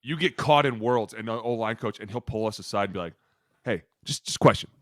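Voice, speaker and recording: A man co-hosting a casual podcast, telling profane, animated stories with loud impressions of coaches. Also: on the low side, brisk, no echo, studio quality. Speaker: podcast co-host, former lineman.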